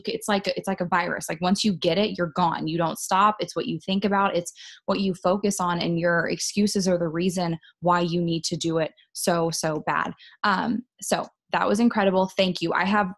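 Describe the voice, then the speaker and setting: A woman hosting a video team call, speaking in an upbeat, encouraging way and repeating key phrases for emphasis. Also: lowish voice. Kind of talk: motivational team call talk.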